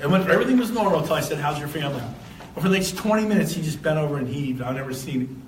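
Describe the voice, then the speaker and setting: An older man giving a motivational real estate talk to an audience, telling lively stories and breaking into shouts and laughs. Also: a little high, very fast. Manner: animated storyteller, shouts and laughs. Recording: echoey room from a distance.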